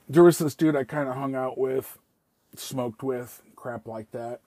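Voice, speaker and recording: A man's voice: mid-range voice, takes it slowly, a little mellow, no room sound. A middle-aged man casually telling a personal story, rambling and swearing freely, with lots of "I was like.".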